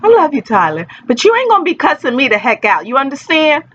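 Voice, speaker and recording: A woman's voice: sits high, wildly swooping pitch, fast, muffled recording, noisy background. Chatty rambling woman tarot reader. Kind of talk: casual tarot reading vlog.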